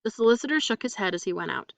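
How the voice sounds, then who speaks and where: A woman reading a mystery story aloud in a steady, even storytelling manner. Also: mid-range voice, very fast, vocal fry, dry recording, distant mic. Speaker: audiobook reader.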